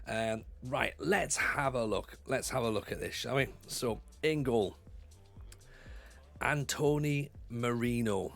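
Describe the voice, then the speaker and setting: A man's voice: mid-range voice, slow pace, creaky, faint music behind. A man streaming from home, chatting casually and animatedly with his live chat. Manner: chatty, animated, often laughs.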